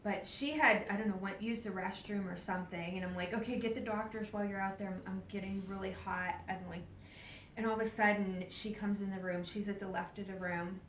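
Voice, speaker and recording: A woman speaking to a live audience, telling a personal story with animated, acted-out quotes, laughs and sudden hushed whispers. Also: medium pitch, fairly quick, slight background noise. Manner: laughs often while talking. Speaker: speaker at a spiritual event. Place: event hall. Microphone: distant camera mic. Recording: roomy, distant live event recording.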